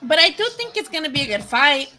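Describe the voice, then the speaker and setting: A woman's voice: high voice, big pitch swings, a little fast, bright, forceful tone, low-quality recording. A young woman from Nayarit, Mexico, chatting casually and profanely with viewers on a livestream. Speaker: boxing commentary streamer.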